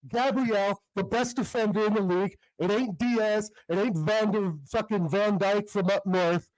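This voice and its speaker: A brash man boasts and swears over the host on a call. His voice is high for a man and sounds dry and close. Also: steady tone, normal speed, no echo, poor audio. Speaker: caller, boastful rival fan. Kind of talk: trash talk on a call.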